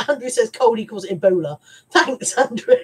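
A woman's voice: on the high side, a little hiss or hum, rough recording. A woman with a stuffy head cold, chatting in a rambling, self-mocking way on a live stream from home. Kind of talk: casual live-stream chat.

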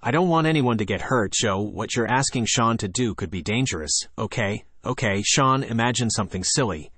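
Anxious cautious mom, read by a man, lowish voice, dry close sound. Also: lively intonation, a little fast, a bit bright, slightly rough, dry recording. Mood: worried. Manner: anxious, insistent.

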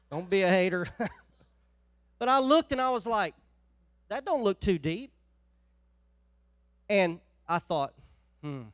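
Man, pastor, sermon, high voice, dry sound, folksy storytelling, loud preaching and soft asides. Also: smooth, dry recording. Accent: Northeast Ohio.

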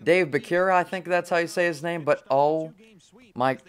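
Young male gaming host, slightly high voice, excitable and easily frustrated, casual play-by-play chatter. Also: moderate pace, smooth. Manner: excitable, frustrated, talks to himself. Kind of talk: casual gameplay commentary.

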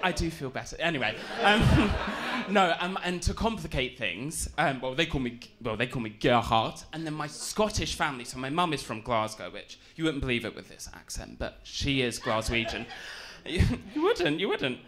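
A man's voice: a little high, sing-song, moderate pace, hardly any pauses, a bit bright. A young man with an English accent doing a camp, self-deprecating stand-up set, giggling between jokes. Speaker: stand-up comedian. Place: comedy club stage. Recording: live club audio with audience noise. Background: audience laughter.

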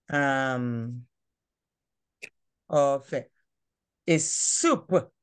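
A woman teaching a language class over a phone, patient and coaxing, repeating words slowly. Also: deep voice.

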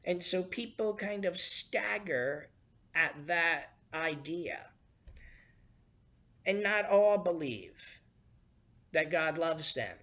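A man pastor giving a sermon, unhurried and leaning hard on key words. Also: a little high, lively intonation, bright, forceful tone.

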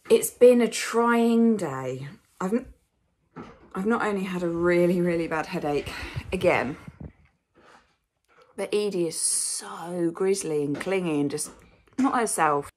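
A young woman vlogger with a lowish voice talks slightly slowly with frequent pauses, rambling frankly and a bit wearily with fillers and the occasional swear word. She's unwell and has hiccups, and she switches into a baby voice when speaking to her child.

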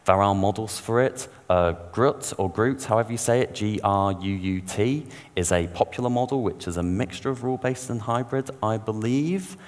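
A man giving a technical conference talk, explaining in a casual, informal way with slang asides. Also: sits low. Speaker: conference speaker. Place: conference hall. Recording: long reverb of a large hall.

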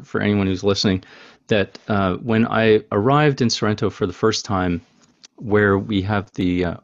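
Low-voiced man telling a story, lo-fi. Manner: storytelling, easygoing with fillers. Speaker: podcast host. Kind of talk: casual interview chat.

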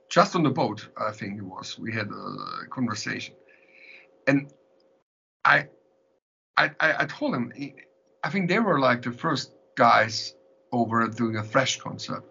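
A man with a German accent, a musician guest telling stories in a casual interview, animated, laughing often and repeating words. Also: medium pitch, unhurried, creaky, slight background noise. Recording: dull lo-fi sound.

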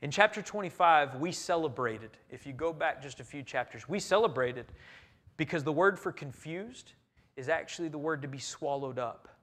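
High, bright-voiced male preacher. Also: animated, normal speed. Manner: earnest, emphatic, swinging between loud and quiet. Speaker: pastor. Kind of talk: sermon. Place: church sanctuary.

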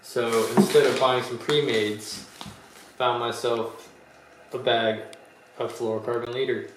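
A man hosting a fishing channel, chatting casually and excitedly while unboxing gear, using plenty of slang. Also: medium pitch, measured pace. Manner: excited, slangy, laughs often. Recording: echoey room with clear background noise.

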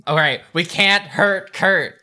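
A woman's voice: on the low side, slow, pushed and bright, a little hiss or hum. A woman player in a tabletop game, speaking bluntly. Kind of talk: casual tabletop play.

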